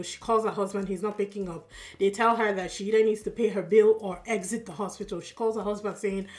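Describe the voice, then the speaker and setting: A tired woman with a Yoruba accent, casually recapping a TV drama for her channel in a chatty, expressive way with lots of fillers. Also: mid-range voice. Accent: Yoruba-accented English. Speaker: drama reaction YouTuber.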